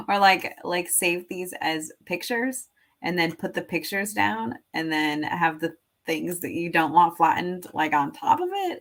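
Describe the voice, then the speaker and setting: A woman talks through a casual screen-share tutorial in a slightly low voice. She rambles, leans on filler words, and laughs at herself as she goes. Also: a bit bright. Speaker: teacher and online seller.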